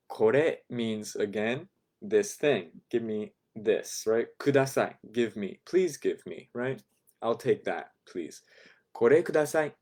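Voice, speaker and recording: A man teaching a beginner language class, calmly repeating phrases for learners to follow. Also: mid-range voice, takes it slowly.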